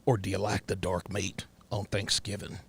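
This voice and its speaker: A man's voice: low voice, little pitch movement, moderate pace, vocal fry, noisy background, voice pushed down. A man playing a pushy white southern man on a date, asking prying, roundabout questions in a comedic role-play.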